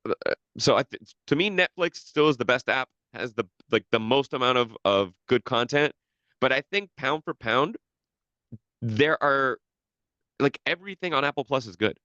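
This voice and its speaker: A man's voice: medium pitch, bright, forceful tone, dry recording, muffled recording. A man co-hosting a podcast in casual chat, rambling with lots of restarts and casual swearing. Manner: rambling, profane, many restarts. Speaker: podcast co-host.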